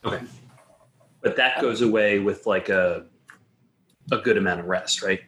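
Low-voiced man running a game. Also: unhurried, fairly bright tone. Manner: descriptive, prompts players with open questions. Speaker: game master. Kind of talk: narrating a tabletop horror game.

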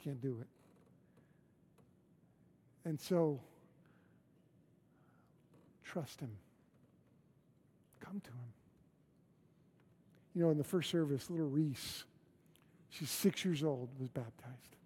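Pastor guy preaching, kinda high mellow voice, chatty but punchy, repeats lines for effect. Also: slow pace, pauses often, slightly rough. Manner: conversational, emphatic preaching with repeated phrases. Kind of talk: sermon. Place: church sanctuary.

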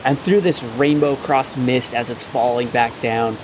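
A man narrating a tabletop game as game master, slowly and descriptively. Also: mid-range voice, fairly even intonation, noisy background. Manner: slow, descriptive storytelling.

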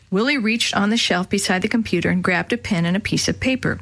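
A woman's voice: mid-range voice, fast, fairly bright tone. Woman reading a children's story. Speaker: audiobook narrator. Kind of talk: scripted narration of a children's book.

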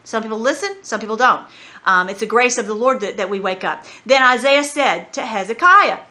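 High bright fervent woman preacher. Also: lively intonation, a little fast, slight background noise. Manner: fervent, shifts between prayer and chatty commentary. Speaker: Christian teacher. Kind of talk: Bible teaching with prayer.

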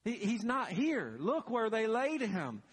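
A man's voice: high voice, very animated, measured pace, breathy edge, voice pushed up, heavily acted. A man preaching who voices astonished angels in a tomb, firing blunt, incredulous questions. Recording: long reverb of a large hall.

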